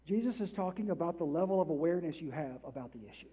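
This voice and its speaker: High-voiced man preaching a sermon. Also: fast, slightly rough. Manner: animated, acts out quoted voices. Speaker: pastor.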